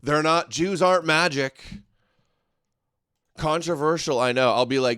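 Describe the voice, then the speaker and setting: A man's voice: on the high side, measured pace, pauses often, fairly bright tone, clear, resonant tone, no room sound. Male streamer host, mocking and sarcastic, dry close sound, laughs a lot. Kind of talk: livestream commentary reading donations.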